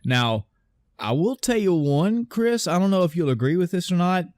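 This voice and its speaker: A man's voice: high-pitched, lively intonation, moderate pace, a little mellow, dry recording, studio quality. A man hosting a podcast in casual chat, rambling and restarting, often acting out movie lines. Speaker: podcast host.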